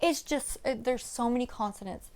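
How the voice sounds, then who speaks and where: A woman voice coach giving a casual, animated lesson to camera, often checking in with "right?". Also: on the high side, normal speed. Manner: breaks into loud demonstrations of vocal technique. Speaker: voice and music coach.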